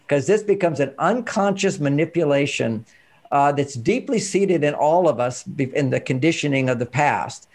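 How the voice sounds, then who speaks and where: A man coaching parents on emotions, telling stories and acting out the dialogue in an animated way. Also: on the high side. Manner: animated storytelling, acts out dialogue. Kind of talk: instructional talk with anecdotes.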